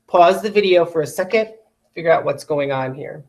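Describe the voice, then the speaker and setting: A woman's voice: low-pitched, moderate pace. A woman teaching a recorded phonics lesson to children, patiently stretching out vowel sounds and syllables.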